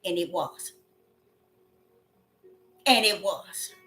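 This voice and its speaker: A woman's voice: lowish voice, expressive, very slow, a bit bright. A woman preaching a sermon in an emphatic way, repeating her phrases and drawing out the scripture she reads. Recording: echoey room with faint music.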